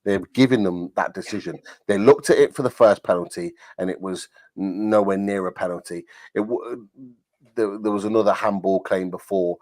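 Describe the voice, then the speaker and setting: Low-voiced man explaining a handball rule. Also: moderate pace, a little mellow, no echo. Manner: agreeing, explains the rules, fillers and restarts. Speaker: football podcast co-host. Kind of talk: post-match fan chat on a livestream.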